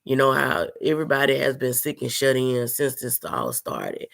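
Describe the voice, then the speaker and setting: Sick woman with a deep gravelly voice. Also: animated, moderate pace. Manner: emotional, earnest, talks straight to viewers. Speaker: vlogger. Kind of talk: casual storytelling to viewers.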